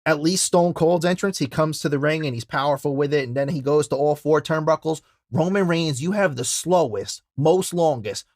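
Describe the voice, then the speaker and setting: A young man hosting a wrestling podcast, telling stories in a loud, profane, casual way. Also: fairly high pitch, no room sound, studio quality. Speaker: podcast host. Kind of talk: casual chat.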